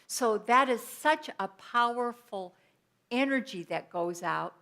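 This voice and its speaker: A woman's voice: on the high side, expressive, takes it slowly, gravelly, bright, forceful tone. A woman minister giving an earnest, personal sermon in a conversational teaching style with everyday examples.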